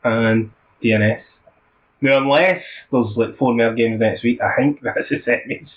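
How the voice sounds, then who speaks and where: A man's voice: mid-range voice, a little slow. A Scottish man co-hosting a football podcast, chatting casually and telling stories with lots of laughter. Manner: laughing, animated storytelling. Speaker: podcast co-host. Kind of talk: casual chat. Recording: muffled lo-fi podcast audio.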